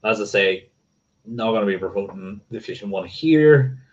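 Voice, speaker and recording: A man's voice: lowish voice, expressive, moderate pace, dull audio. A man hosting a casual livestream, rambling and correcting himself and swearing offhandedly. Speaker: motorcycling livestream host.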